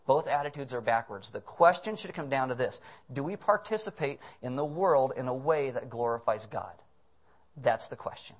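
A male pastor delivering a sermon to a congregation, joking and acting out little voices as he tells stories. His pitch sits in the middle range for a man, and his delivery is lively and conversational. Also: normal speed. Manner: humorous, animated storytelling with acted voices.

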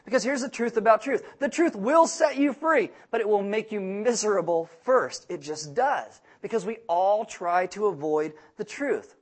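High-voiced young man preaching with humor. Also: moderate pace, hardly any pauses. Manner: humorous, acts out quoted people in animated voices. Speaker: pastor. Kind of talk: sermon.

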